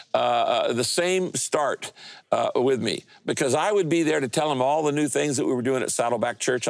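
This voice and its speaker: A male pastor preaching a sermon. He speaks emphatically, often quizzing the congregation, and shifts his pitch and pace for effect. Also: no room sound. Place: church stage speaking to several campuses.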